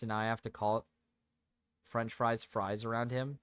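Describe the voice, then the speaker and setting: A man's voice: mid-range voice, steady tone, moderate pace, clean tone, no echo. A man chatting live on a stream in an ordinary mid-range voice, recorded dry and close. He rambles and repeats himself in joking, profane rants. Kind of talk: casual live-stream chat.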